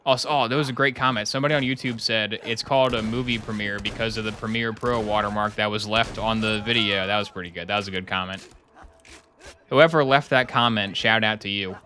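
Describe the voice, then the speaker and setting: A man's voice: lowish voice, fairly even intonation, a little fast, pushed and bright, a little hiss or hum. A young man streaming a game live, chatting casually and joking with his chat while he plays. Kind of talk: live gameplay commentary.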